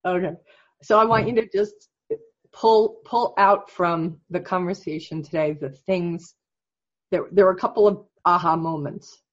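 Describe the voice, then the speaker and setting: A podcast host who chats casually, then guides a guest through a reflection exercise in a soft, slow, gentle voice. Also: mid-range voice, fairly even intonation, muffled recording. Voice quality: soft-spoken, slow and gentle when guiding.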